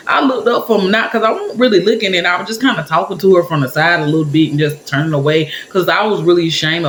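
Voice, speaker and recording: A woman recounts a personal story to her audience in a casual, animated way, slipping into the voices of the people she quotes. Her voice bounces around a roomy, echoing space. A faint background noise sits under it. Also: sits low. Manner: animated, talks to viewers directly and acts out quotes. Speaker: storyteller vlogger.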